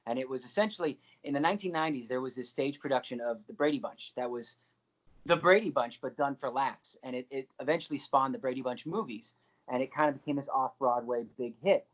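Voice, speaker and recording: A man guest on a podcast, telling an anecdote in a lively way and laughing along as he goes. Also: medium pitch, fast talker, muffled recording. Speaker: guest, actor.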